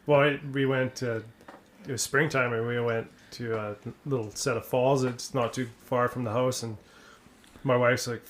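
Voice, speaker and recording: A man's voice: mid-range voice, fairly even intonation, moderate pace, a little hiss or hum. A man, a guest on a hunting podcast, telling a story in a dry, wry, profane way. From British Columbia, Canada. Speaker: podcast guest, rifle builder. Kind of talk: casual chat, storytelling.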